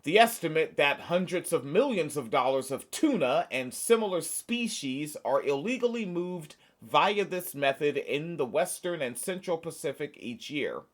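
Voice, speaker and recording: A man's voice: a little high, lively intonation, normal speed, few pauses. A man hosting a podcast, reading news aloud and breaking off into sarcastic, profane asides. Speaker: podcast host.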